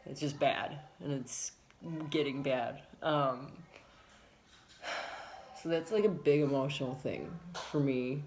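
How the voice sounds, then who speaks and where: A woman's voice: a bass voice, expressive, slow pace, darkish tone, slight background noise. A woman talking frankly and at length in a personal vlog, rambling, repeating herself for emphasis, and swearing now and then. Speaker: vlogger.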